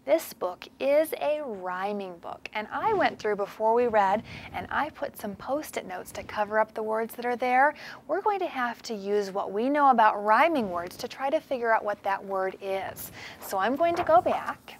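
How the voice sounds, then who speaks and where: A woman teacher in a classroom reading a storybook aloud to young children, with expressive sing-song delivery and questions to the class. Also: a little high, normal speed, a little hiss or hum. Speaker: preschool teacher.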